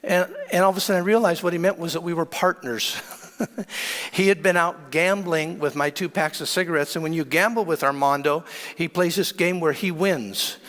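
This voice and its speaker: A man preaching and telling a personal testimony in a dramatic, animated way, often stammering and repeating words. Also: a little high, normal speed, a little hiss or hum. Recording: long hall reverb.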